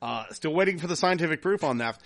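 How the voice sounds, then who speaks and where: A man hosting a casual podcast, reading listener comments and telling a story in a profane, animated way. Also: a little high, quick pace. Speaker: podcast host.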